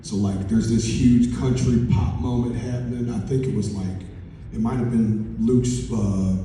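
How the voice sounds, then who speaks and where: A man chatting excitedly and slangily on stage, laughing often. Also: mid-range voice, unhurried, a little hiss or hum. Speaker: musician interviewing another on stage. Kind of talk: excited interview chat before a live audience. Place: large conference hall. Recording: echoey hall, distant mic.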